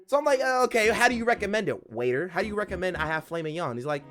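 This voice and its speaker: Excitable man telling a story animatedly. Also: rapid-fire, few pauses, soft background music. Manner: excitable, bursts into laughing high-pitched outbursts, repeats lines for emphasis.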